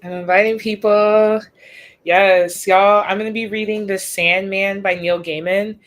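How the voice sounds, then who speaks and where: A young woman chats to her livestream audience from her bed. She talks casually and eagerly, full of slang, with an unhurried, drawn-out pace. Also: medium pitch. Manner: excitable, slangy, chatty with frequent "y'all". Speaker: livestream host. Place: in bed at home.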